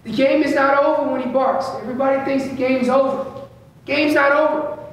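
A man whose very high-pitched voice keeps a steady tone moves fairly quickly through an informal elk-calling seminar in a large indoor store. He repeats the important phrases, narrates what elk are thinking, and talks slangily, recorded at a distance in an echoey room with a faint hum.

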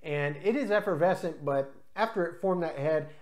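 A craft beer reviewer hosting his own channel, tasting and explaining beers in a casual, unscripted way, chatty, with frequent filler pauses. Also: medium pitch, a little mellow.

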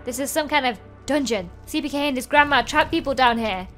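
A woman's voice: high-pitched, brisk, a bit bright, soft background music. A woman voicing a frantic young woman trapped in a game dungeon, rambling anxiously.

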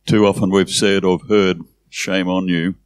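Low-voiced male pastor, dry close sound, earnest invitation to the congregation. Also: flat delivery, unhurried, clear, resonant tone, dry recording. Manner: inviting, earnest, with repeated phrases. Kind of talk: altar call.

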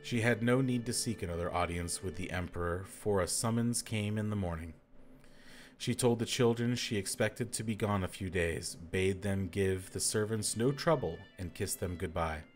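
A man's voice: low-pitched, normal speed, soft background music. A man hosting a podcast, reading a book aloud and breaking off for dry, wry asides. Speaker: reader and podcast host.

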